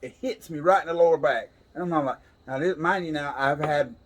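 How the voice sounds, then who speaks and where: A man's voice: on the high side, brisk. A man casually telling a funny story on a podcast, laughing as he goes. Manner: laid-back drawl, laughs while telling. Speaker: podcast co-host. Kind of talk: casual storytelling over whiskey.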